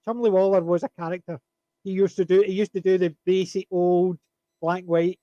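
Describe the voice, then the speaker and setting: A man chatting on a panel, telling an animated anecdote and chuckling at his punchlines. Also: sits high, normal speed, dry recording, highs cut off. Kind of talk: casual storytelling chat.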